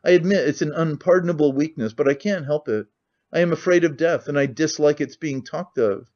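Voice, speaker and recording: A man's voice: on the high side, a little fast, darkish tone, natural voice. A man voicing a cynical, talkative middle-aged nobleman who rambles with languid candor, on a muffled lo-fi recording.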